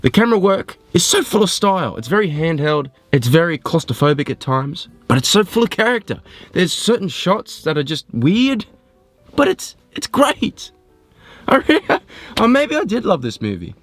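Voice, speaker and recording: A man reviews a film in a loose, talky way, jumping between thoughts and teasing himself as he goes. His voice sits a little high for a man. The sound is dry and close, with no room around it. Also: brisk, no room sound, faint music behind. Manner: animated, rambling, self-mocking. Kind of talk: casual spoken film review.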